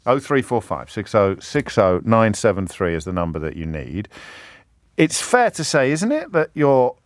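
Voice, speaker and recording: Animated radio host, dry studio. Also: male voice, fairly low pitch, normal speed, no room sound. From England. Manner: animated, self-interrupting, mimics heckling voices. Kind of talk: radio phone-in monologue. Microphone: studio microphone.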